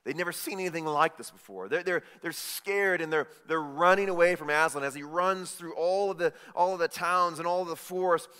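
A man, a pastor, giving a devotional talk in a halting way, often repeating his words. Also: a little high, bright, forceful tone, clear, resonant tone. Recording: long reverb.

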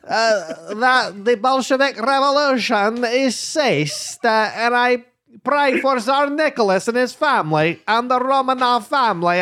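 A man voicing a slow, solemn praying man with a mock Russian accent. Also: extremely high pitch, sharp tone, pitched above the performer's own voice, exaggerated voice. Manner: slow, drawn-out solemn prayer.

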